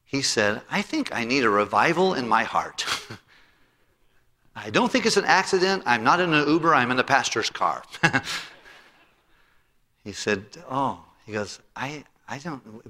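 A middle-aged male pastor preaching a sermon and telling a story, acting out both sides of a conversation in a lively way. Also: medium pitch, a little slow. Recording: long hall reverb.

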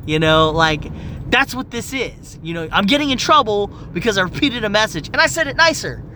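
A young adult vents in a heated, swear-filled rant. The voice is bright and sharp, with pitch that swings widely. A low vehicle rumble runs faintly behind. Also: expressive, fairly quick. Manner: heated, profane, exasperated. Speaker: medical office worker. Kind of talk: ranting monologue.

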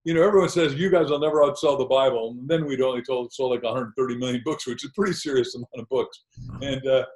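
A man's voice: medium pitch, fast, a little mellow. A man speaks as an interview guest, spinning anecdotes that build up to a punchline. His voice sits in the middle of the male range. The recording sounds roomy, with audible echo around him. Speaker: guest author. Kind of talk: storytelling interview talk.

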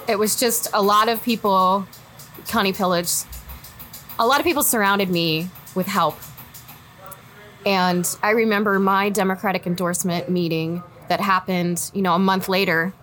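Lively woman telling a story, laughing often. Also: fairly low pitch, normal speed, faint music behind. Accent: American Midwest. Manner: animated, laughs often, acts out quoted friends. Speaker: political candidate guest. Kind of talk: casual storytelling interview.

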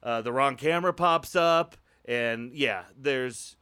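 A man from Iowa telling a work story casually, animated and swearing, his voice jumping high when he retells his outburst. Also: takes it slowly, smooth. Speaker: improv show performer telling a story.

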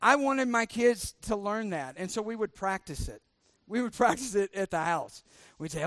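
A man's voice: high-pitched, expressive, normal speed, fairly bright tone, dry recording, clean studio sound. A middle-aged man, a pastor preaching a sermon, joking and sarcastic while he quizzes the congregation with questions.

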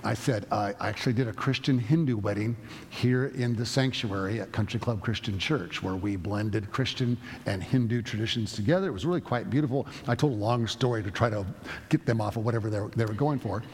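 A male pastor delivers a sermon in a loose, storytelling manner, often restarting his phrases. His voice is a bit husky. The sound carries the long reverb of a church sanctuary. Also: lowish voice, brisk, a little mellow. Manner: storytelling, conversational with many restarts.

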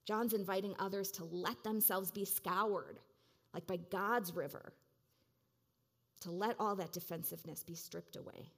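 Woman preacher, middle-pitched voice, casual and reflective sermon delivery. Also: a little slow, vocal fry, a bit bright. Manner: conversational, reflective, many "like" and "you know" fillers.

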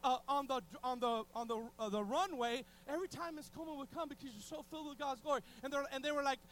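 A man preaching a sermon in a strikingly high voice, excitable and full of restarts. He shifts between loud outbursts and near-whispers. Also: quick pace, rough recording. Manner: excitable, restarts often, swings from shouting to hushed.

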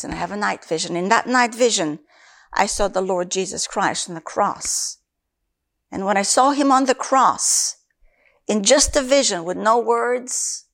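Gravelly-voiced woman preaching her testimony. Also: medium pitch. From Africa. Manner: earnest, emphatic, repeats key phrases. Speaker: Christian minister. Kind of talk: sermon with personal testimony.

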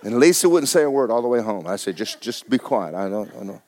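A man, a pastor preaching and telling a story with animated bursts of loud shouting. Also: medium pitch, fast talker, a faint crowd. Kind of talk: sermon.

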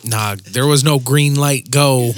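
A man's voice: medium pitch, steady tone, takes it slowly. A man co-hosting a casual podcast, answering in a laid-back, hesitant way and often trailing off. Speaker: podcast co-host.

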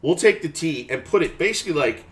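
A man in his forties in casual chat as a podcast guest, an animated storyteller who swears freely and acts out quotes. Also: a little high, fast talker.

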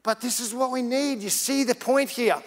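A man's voice: extremely high pitch, normal speed. A man preaching a sermon as pastor, chatty and personal, then building to earnest emphasis. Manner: casual preaching, rising to urgent emphasis. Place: church. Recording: church hall reverb.

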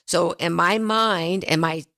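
A woman's voice: lowish voice, takes it slowly, gravelly, sharp tone. A woman financial advisor hosting a radio talk show, telling stories in an earnest, chatty way. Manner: storytelling, earnest. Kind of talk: casual radio chat.

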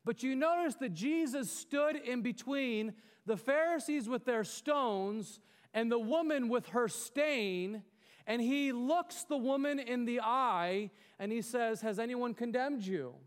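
A male pastor delivers an earnest, exhorting sermon in a fairly high voice, often turning to rhetorical questions. His words ring out with a long reverb from a large hall. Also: takes it slowly, clean tone.

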